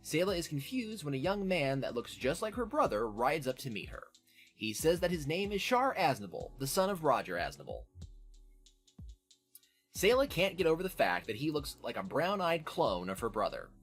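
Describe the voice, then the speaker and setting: A man's voice: a little high, huge pitch swings, normal speed, husky, soft background music. A man with a nasal voice hosting a casual podcast, recapping an episode in a profane, sardonic way. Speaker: podcast host.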